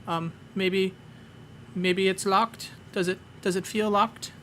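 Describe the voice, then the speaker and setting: A man's voice: high-pitched, steady tone, slow, a bit bright, a little hiss or hum, pitched above the performer's own voice. A man voicing a timid, small male creature that stammers and pleads anxiously.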